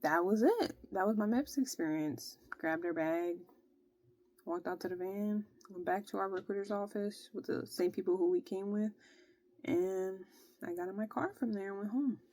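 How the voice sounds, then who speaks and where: A young woman casually telling a long personal story, animated and exasperated, with plenty of slang. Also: medium pitch, normal speed, no room sound. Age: young adult. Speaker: vlogger.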